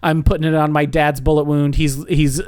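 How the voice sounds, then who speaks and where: A man's voice: on the high side, little pitch movement, a little fast, a little mellow, clean tone. Playful, teasing male podcast co-host. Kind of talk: casual film review chat.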